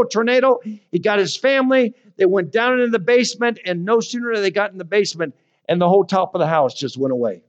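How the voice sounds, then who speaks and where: A male pastor preaching and telling stories with sudden loud bursts and quiet drops. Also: sits high. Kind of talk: sermon. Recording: dull lo-fi recording.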